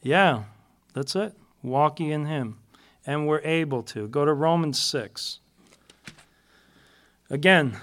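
A man's voice: mid-range voice, a bit bright, smooth. A man giving an informal Bible teaching to a fellowship, chatty and self-deprecating, laughing often and repeating key words for emphasis.

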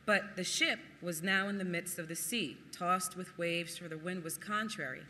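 Preacher, lively sermon, very bright tone, long hall reverb. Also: medium pitch, normal speed, slight background noise. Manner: animated, laughs often, acts out quotes. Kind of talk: sermon with Bible reading.

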